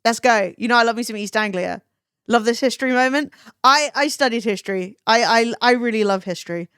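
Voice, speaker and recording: A woman's voice: on the high side, a little fast, a bit bright, clear, resonant tone, no room sound, studio quality. Chatty British woman streamer, swears freely. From London, England. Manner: chatty storytelling, swears freely, laughs often. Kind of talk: casual chat.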